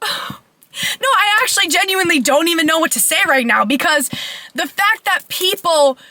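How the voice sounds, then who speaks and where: A woman's voice: extremely high pitch, lively intonation, brisk, pushed and bright, dry recording. A young woman life coach ranting bluntly and profanely in a casual vlog.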